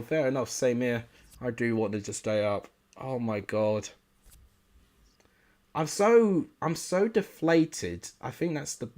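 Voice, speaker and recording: A young man commentating live on his football game, frustrated and exclamatory, cursing at his players. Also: medium pitch. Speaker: gaming YouTuber.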